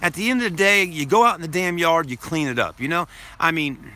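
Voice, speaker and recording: A man's voice: on the high side, a little fast, pushed and bright. A man telling a story to his live stream viewers in a casual, rambling way, repeating himself, swearing now and then, and addressing them as folks.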